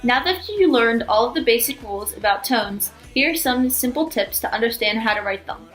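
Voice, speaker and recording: Higher-voiced woman explaining rules. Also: expressive, fairly quick, fairly bright tone, faint music behind, rough recording. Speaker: language teacher. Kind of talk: scripted lesson narration.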